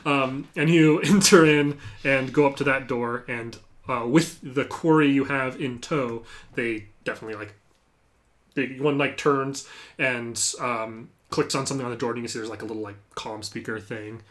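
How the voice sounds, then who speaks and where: A man's voice: medium pitch, normal speed, a bit bright. A man narrating a tabletop role-playing game as game master, talking casually with lots of fillers.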